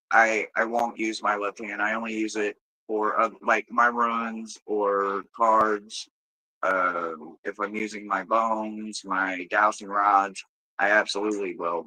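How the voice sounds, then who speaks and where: A man's voice: mid-range voice, sharp tone, poor audio. A man hosting a live tarot stream, chatting casually and loosely with viewers, swearing freely and rambling between readings.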